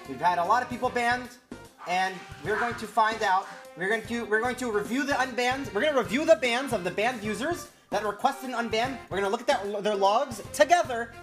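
A man's voice: very high-pitched, a little fast, over music. A young man streaming casually, laughing often and swearing as he chats with viewers. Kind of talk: casual livestream chat.

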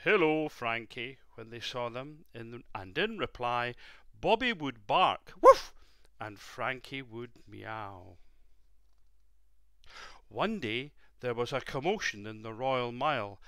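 A man reads a children's story slowly and gently, his bright, clear voice rising and falling in a lively way. He pauses to ask the young listener questions, and the dry, close sound keeps him intimate. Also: mid-range voice, no echo. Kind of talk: bedtime story reading.

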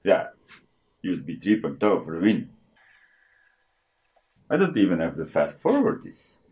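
A low-voiced man talks himself through a computer setup at a slow, unhurried pace. His pitch swings widely as he reads menu options aloud and answers them. It is casual, off-the-cuff screen-recording commentary from a home desk. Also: huge pitch swings, darkish tone. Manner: thinking aloud while clicking through setup menus. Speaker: tech channel host.

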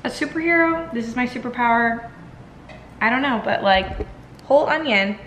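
A woman's voice: on the high side, moderate pace, a bit bright. A young woman in her twenties chatting casually to her camera at home, giggly and self-mocking. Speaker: vlogger. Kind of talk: casual vlog chat to camera. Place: home kitchen and small room, indoors. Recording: noisy home camera audio.

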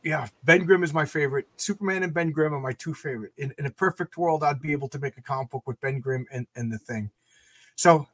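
Excitable, stammering man, higher voice, dry home-mic sound, live-stream guest. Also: no echo. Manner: excitable, stammers and repeats words. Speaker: guest comic creator. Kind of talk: casual live-stream chat. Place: home comic book room.

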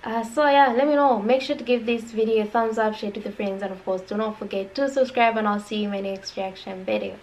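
A woman hosting a reaction video, sharing her thoughts in a relaxed, reflective way. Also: mid-range voice, fast, few pauses, background noise. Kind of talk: casual commentary to camera.

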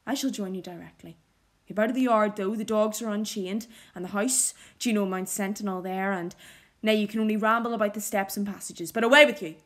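A woman reading the lines of a volatile, harsh, brooding man who is master of the house, speaking gruffly and abruptly. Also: mid-range voice, fairly even intonation, fairly quick, a bit bright, natural voice.

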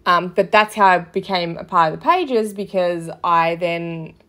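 A woman's voice: lowish voice, measured pace, fairly bright tone. A woman hosting a casual commentary podcast, talking in a loose, gossipy way with lots of fillers and swearing. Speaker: podcast host.

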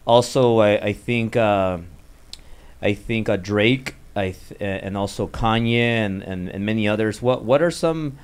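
A man hosting a casual interview who asks questions haltingly, restarting his words often. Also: fairly low pitch, clean tone. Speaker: podcast host.

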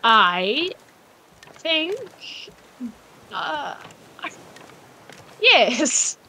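A woman with a high voice chats through a co-op game in an unhurried way. She is playful and giggles often between quips. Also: big pitch swings, bright, forceful tone, slight background noise. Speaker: co-op gaming guest. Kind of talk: casual multiplayer gameplay commentary.

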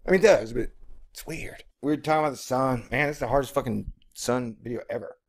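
A man's voice: medium pitch, quick pace, a little hiss or hum. A man riffing jokingly as co-host of a casual talk recording made in an apartment, swearing and wandering off topic. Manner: jokey, swearing, tangential. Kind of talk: rambling comedic commentary.

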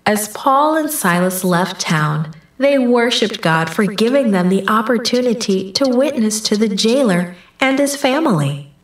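Slow, roomy woman reading a Bible story. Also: mid-range voice, animated. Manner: measured storybook reading, lifts her voice for quoted lines. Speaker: children's story reader. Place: church sanctuary. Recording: roomy, from a distant mic.

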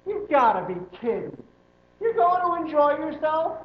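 A man's voice: extremely high pitch, very animated, moderate pace, roomy sound, lo-fi sound, voice pushed up. A man voicing a sarcastic, judgmental male pastor who fires off incredulous, mocking questions. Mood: scoffing.

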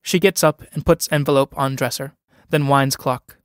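A man reading the stage directions of a play aloud in a plain, steady way. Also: fairly high pitch, moderate pace, hardly any pauses, no room sound, studio quality. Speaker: reader.

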